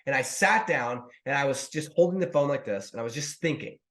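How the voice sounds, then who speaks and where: A man in his thirties, an online business coach, telling a story to viewers in a lively, casual way. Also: mid-range voice, brisk. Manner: animated, talks to viewers as "dude" and "guys". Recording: roomy echo.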